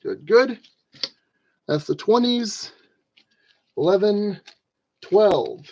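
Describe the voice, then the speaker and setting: A high-pitched man talks his way through a model kit build, unhurried and rambling. He scolds stubborn tools and pokes fun at himself. The sound is dull and lo-fi. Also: lively intonation. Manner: rambling, talks to objects, self-deprecating. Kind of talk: rambling casual build vlog.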